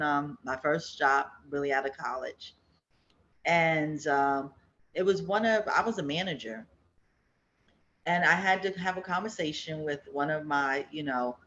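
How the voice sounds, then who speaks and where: Female co-host, lower pitch, agreeable storyteller, dull lo-fi audio. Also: a bit bright, a little hiss or hum. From the Bronx. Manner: agreeable, frequent affirmations, storytelling. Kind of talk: casual chat.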